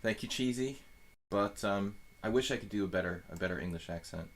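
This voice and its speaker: A man's voice: fairly low pitch, fairly quick. A man giving live chess commentary as a streamer, thinking aloud in a loose, rambling way full of fillers and restarts.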